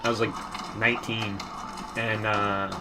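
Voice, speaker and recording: A man's voice: lowish voice, level tone, unhurried, sharp tone. A young man giving casual gameplay commentary, telling rambling stories in a crude, profane way and often laughing.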